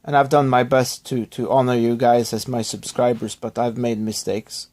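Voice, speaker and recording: A man recovering from illness, talking to his viewers in a subdued, halting, apologetic way with many restarts. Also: mid-range voice, level tone, a little mellow. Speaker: YouTuber thanking subscribers. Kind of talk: rambling personal vlog.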